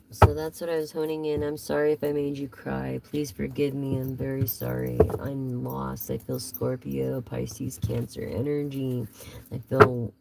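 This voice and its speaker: A woman's voice: very deep voice, creaky, heavy background noise. A woman giving a casual live tarot reading, chatty and rambling as she talks straight to her viewers. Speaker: tarot reader.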